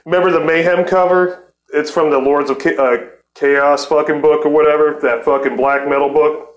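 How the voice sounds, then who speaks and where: A man's voice: a little high, steady tone, moderate pace, roomy sound. A man in his forties hosting a podcast, talking in a heated, profane casual chat and laughing often. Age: 40s. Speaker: podcast host.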